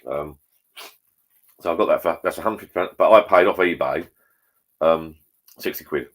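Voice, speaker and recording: A man hosting a relaxed livestream, chatting to viewers in a rambling, matey way over drinks at home. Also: low-pitched, measured pace. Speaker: livestream host. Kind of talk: casual chat with viewers while drinking. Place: at home, indoors.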